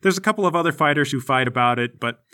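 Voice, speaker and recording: A man narrating a tabletop game as game master, with lively descriptive storytelling. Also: fairly high pitch, quick pace.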